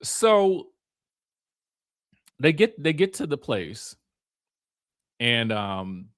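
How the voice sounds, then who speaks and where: A man's voice: medium pitch, big pitch swings, extremely slow, fairly bright tone. A man giving a casual, campy recap of reality TV, laughing often and slipping into a pampered, fussy voice. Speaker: reality TV commentator.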